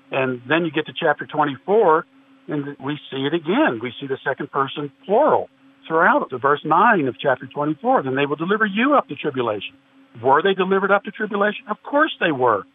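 A man guest in a religious discussion, earnestly explaining and quoting scripture at length. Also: on the high side. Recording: tinny phone-like line with faint hiss.

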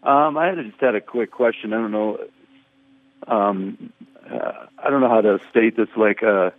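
A man calls in over a thin, tinny phone line, hesitant and searching for the right words. His voice is low and dry. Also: normal speed, dry recording. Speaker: caller, church leader. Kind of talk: phone-in question.

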